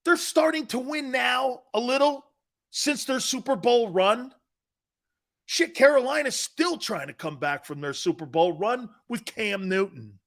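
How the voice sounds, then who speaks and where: A brash sports talk host rants in a loud, mocking style. His voice sits high for a man and has a bright, cutting edge. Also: expressive, a little slow.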